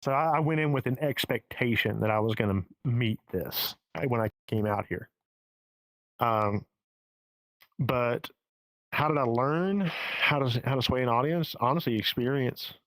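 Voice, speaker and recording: A man's voice: medium pitch, normal speed, fairly bright tone, no room sound, low-quality recording. A man with a Southern US accent talking as a stand-up comedian guest in a casual podcast interview, candid and profane, often restarting his sentences. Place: home in the Pacific Northwest.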